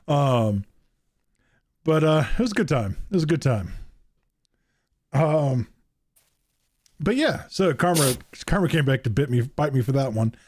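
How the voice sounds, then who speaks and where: Lively high-voiced man hosting a podcast. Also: slow pace, long pauses, no echo. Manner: laughs often, tells stories with many fillers. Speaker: podcast host. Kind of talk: casual chat.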